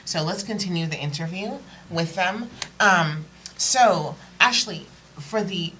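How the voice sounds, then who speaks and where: A woman's voice: on the low side, slow, pushed and bright, slight background noise, low-quality recording. A woman hosting a talk show, introducing a segment and asking her guests questions. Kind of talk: interview.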